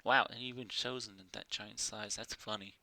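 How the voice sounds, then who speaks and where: A man talking half to himself while he sets up recording software on a voice call, muttering commands and complaints. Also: lowish voice, fairly even intonation, moderate pace, gravelly. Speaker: player recording the session. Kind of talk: casual tech setup chatter.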